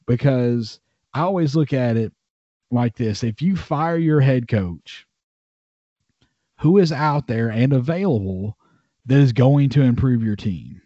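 A man co-hosting a sports podcast, halting and leaning on "you know" as he thinks through his points. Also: medium pitch, warm tone, no room sound, muffled recording. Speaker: podcast co-host. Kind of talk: casual sports podcast chat.

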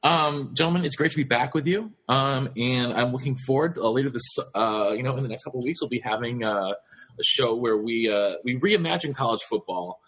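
A man hosting a casual sports podcast, rambling with lots of fillers and halting restarts. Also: mid-range voice, fairly bright tone, slightly rough. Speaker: podcast host.

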